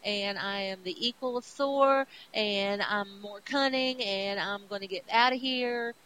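A woman's voice: medium pitch, unhurried, fairly bright tone, clean tone, lightly acted, low-quality recording. A woman voicing a cunning, resentful male trickster god in her own everyday voice while retelling a comic. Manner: mildly acted retelling.

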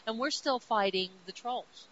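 A woman's voice: a little high, unhurried, fairly bright tone. A woman hosting a podcast who recaps comic books in a chatty storytelling way and acts out the characters as she goes. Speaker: podcast host. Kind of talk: casual comic book recap. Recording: dull sound with faint hiss.

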